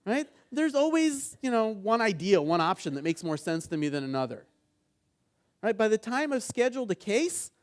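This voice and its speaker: Lively middle-aged man teaching a workshop. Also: sits high, normal speed. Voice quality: engaging, keeps asking the audience "right?". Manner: animated storytelling, acts out quoted dialogue. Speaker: negotiation trainer and mediator. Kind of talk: conference workshop talk.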